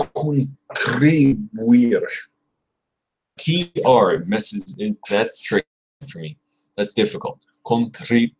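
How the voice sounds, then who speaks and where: Young guy livestreaming his spanish practice, slow husky voice, kinda low, repeats verbs over and over. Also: poor audio. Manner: drills verb forms aloud, chats with viewers between. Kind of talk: casual livestream study session.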